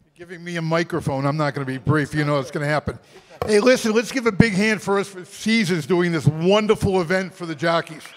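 High-voiced man joking over a crowd. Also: brisk, big-room sound. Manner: chatty and joking. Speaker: artist at a charity auction. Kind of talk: speaking at an event.

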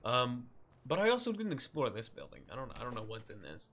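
His medium-pitched voice swings hugely in pitch, a bit bright and a little fast, as this young man streams a modded game. He rambles casually, runs himself down, laughs often, and swears and yelps when startled.

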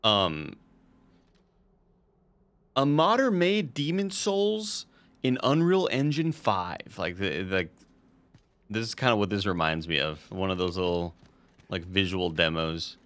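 A man chatting through a game stream in a fairly low voice with a bright, forceful edge. His talk is loose and casual. He swears freely and laughs a lot as he plays. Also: expressive, slow, pauses often, clear, resonant tone. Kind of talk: casual gameplay commentary.

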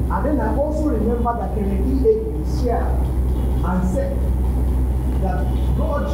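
A Nigerian man preaching a sermon, telling a story with bursts of shouting and laughter. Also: sits high, a little hiss or hum, poor audio.

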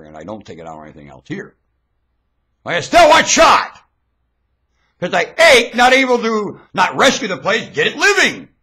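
Husky man ranting erratically to webcam. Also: high-pitched. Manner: erratic, swinging from mutters to shouts. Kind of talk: rambling webcam monologue. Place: at home in front of a webcam. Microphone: webcam mic.

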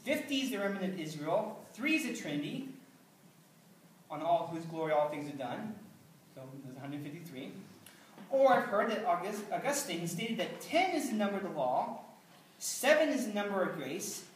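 A man's voice: high-pitched, sing-song, normal speed, slight background noise. A man pastor delivering a sermon in an earnest, conversational way, with dry asides. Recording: roomy, distant mic, faint ambience.

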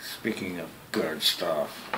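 A man's voice: deep voice, slow pace, very noisy. Joking man on a roomy call. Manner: joking, rambling, self-deprecating, repeats words. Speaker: vlogger. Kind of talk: one-sided phone chat to camera. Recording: roomy with faint ambience.

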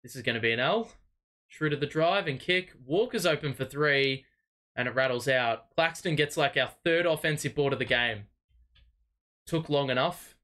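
A young man hosting a live fan watch party, calling the plays as an excitable, exasperated fan who swears freely. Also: medium pitch, moderate pace. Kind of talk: live fan play-by-play commentary.

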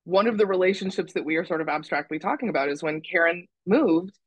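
A woman's voice: on the low side, fast, slightly rough, no room sound, low-quality recording. A woman guesting on a podcast, talking candidly and critically about herself, with some swearing for emphasis. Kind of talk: candid conversational chat.

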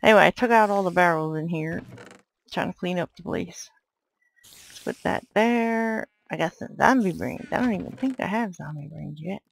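A woman giving let's play commentary, yelling at enemies and muttering to herself. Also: on the low side, normal speed, creaky, rough recording. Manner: exclaims and yells at enemies, then mutters to herself. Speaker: gamer.

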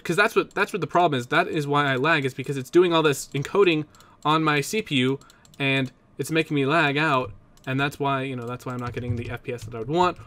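A man's voice: fairly high pitch, fairly bright tone. A young man chatting casually to his viewers about computer gear, rambling and interrupting himself as he goes. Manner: rambling, self-interrupting, talks to viewers directly. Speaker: Minecraft let's play YouTuber. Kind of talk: casual vlog chat about PC hardware.

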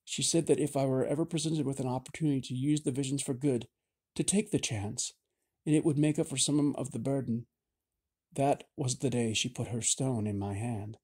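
A man's voice: medium pitch, normal speed, darkish tone, breathy edge, lightly acted. A man reading an audiobook, voicing a frightened young woman seer in a raised, pleading, shaky voice. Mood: earnest. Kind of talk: audiobook character voice.

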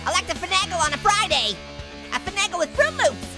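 Annoying Orange, a squeaky giggling fruit. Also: male voice, fast talker. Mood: giddy. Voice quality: squeaky, high and nasal with constant giggles. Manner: excitable, jokey, squealing at close calls. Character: hyperactive giggly male talking orange. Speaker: gaming channel host. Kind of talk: cartoon let's-play commentary. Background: game music.

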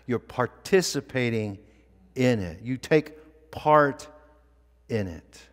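Man preaching a sermon, slow and deliberate, emphatic repeated phrases, long reverb of a church hall. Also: medium pitch, animated. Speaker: pastor. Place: church sanctuary.

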